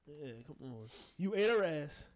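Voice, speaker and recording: A man's voice: on the high side, big pitch swings, moderate pace, darkish tone. A man co-hosting a podcast, joking crudely with friends and insistently repeating his questions to the group. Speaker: podcast co-host posing discussion questions. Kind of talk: casual chat.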